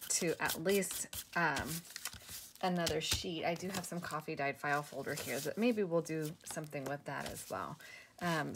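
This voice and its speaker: A woman's voice: sits low, noisy background. A woman chatting her way through a craft tutorial, self-deprecating, with many fillers and restarts. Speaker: craft video host. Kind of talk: casual craft tutorial narration.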